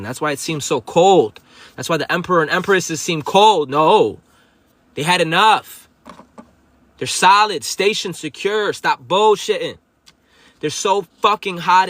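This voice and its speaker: A man's voice: on the high side, a bit bright. A man giving a livestreamed spiritual monologue to viewers, profane, confrontational and preachy. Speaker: livestream host.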